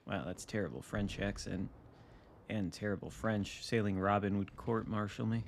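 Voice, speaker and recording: Low-ish guy streaming a game, dry wry muttering, faint background hum. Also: steady tone, normal speed, creaky. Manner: dry, wry musing, thinking aloud. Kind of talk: casual live gameplay commentary.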